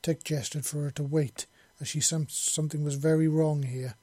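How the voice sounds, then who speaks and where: A man narrating a science fiction story in a steady, even reading style. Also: a little high, moderate pace, dry recording. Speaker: audiobook reader.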